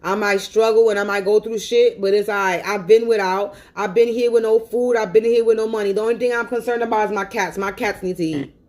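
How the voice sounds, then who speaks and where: A woman's voice: medium pitch, steady tone, a little fast, few pauses, darkish tone. A woman on a phone livestream, venting angrily in a profane, repetitive rant. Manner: angry, profane and repetitive ranting.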